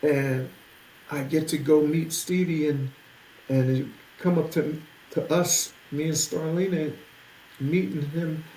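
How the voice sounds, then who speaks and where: Animated older man telling stories, roomy. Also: fairly high pitch, takes it slowly. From New Jersey. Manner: animated storyteller, acts out quoted voices. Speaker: musician guest. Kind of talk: interview storytelling. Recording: roomy with faint noise.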